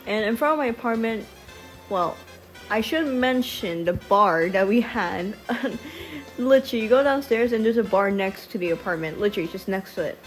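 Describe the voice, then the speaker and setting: A woman's voice: medium pitch, normal speed. A woman telling a casual storytime over a drawing video. She rambles, swears freely, wanders off on tangents and stutters at times. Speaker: storytime vlogger. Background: faint background music.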